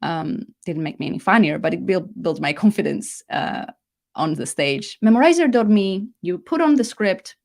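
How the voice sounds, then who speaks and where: A middle-aged woman gives a live masterclass in a casual, chatty way. She often restarts her sentences and leans on key words for emphasis. Her pitch sits in an ordinary middle range for a woman. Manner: chatty, self-correcting, lively emphasis. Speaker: leadership coach hosting a live masterclass.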